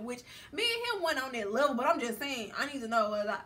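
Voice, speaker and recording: A woman's voice: sits high, big pitch swings, quick pace, bright, forceful tone. A woman vlogger telling a storytime in casual, slangy chat and talking straight to her viewers. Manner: chatty and slangy, addresses viewers directly.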